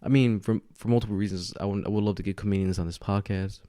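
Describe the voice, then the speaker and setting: Speaking quickly with a lowish, mellow voice and fairly even intonation, a man records a casual solo podcast at home. A little tipsy from tequila, he rambles loosely and laughs often through a podcast mic with a camera setup, and the sound is studio quality with no room sound.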